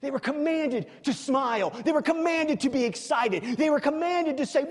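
A man preaching a sermon in a church, emphatic, swinging from loud exclamations to quiet, confiding asides. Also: very high voice, lively intonation, normal speed, few pauses. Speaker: pastor. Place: church sanctuary. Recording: long reverb of a large hall.

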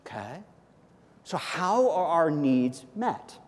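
A man preaching a sermon as a pastor, conversational and animated, often checking in with "okay?". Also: on the high side, moderate pace. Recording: long hall reverb.

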